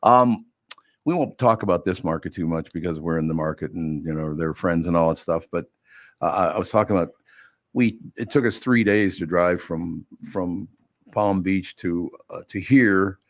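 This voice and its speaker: Older male host, low-pitched, dry close mic, loose and self-mocking delivery. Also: moderate pace, no room sound. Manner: rambling, wry, self-mocking. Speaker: radio show host. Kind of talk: casual chat.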